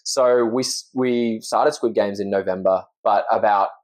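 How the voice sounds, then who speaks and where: A man's voice: fairly low pitch, steady tone, a little slow, a little mellow. A man with an Australian accent, talking earnestly and reflectively as a guest in a casual interview, often restarting his sentences. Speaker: podcast guest, actor.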